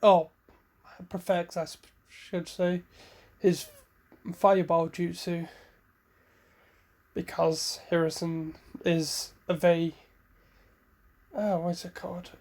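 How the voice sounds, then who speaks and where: Brief: male fan storyteller, slow-paced, casual, rambling delivery. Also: sits high, flat delivery, a little mellow. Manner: unhurried, rambling, self-correcting. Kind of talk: casual fan-fiction retelling.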